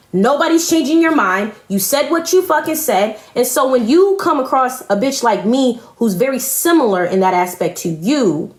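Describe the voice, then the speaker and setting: A woman delivers a confrontational live-stream rant, full of profanity and pointed repetition. Her voice sits a little high. The sound bounces around an echoey room.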